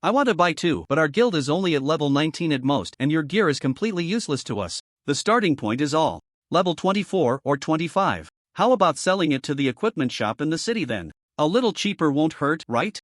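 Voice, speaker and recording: Loyal guild guy read by a man, sorry but practical, lively tone. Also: on the high side, brisk, hardly any pauses, no echo, clean studio sound. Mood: apologetic. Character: loyal male guild follower, apologetic and practical.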